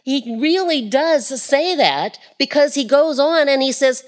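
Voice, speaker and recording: A woman preaching a Pentecostal sermon, expressive, swinging from shouts to quiet asides. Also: high-pitched, measured pace.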